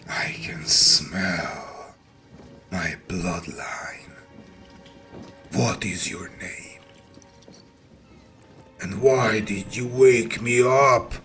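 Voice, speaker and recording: A man putting on a gargantuan ancient bronze she-dragon, wrathful and proud, for a tabletop game. She speaks in a very deep, slow, breathy whisper. Music plays clearly beneath her voice. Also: fairly even intonation, a bit bright, heavily acted. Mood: menacing whisper.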